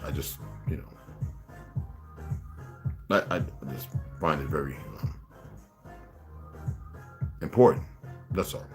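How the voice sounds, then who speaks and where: An older man from the United States hosting a livestream, rambling and halting, often repeating words as he fiddles with his device. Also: a bass voice. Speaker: livestream host. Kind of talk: casual livestream talk.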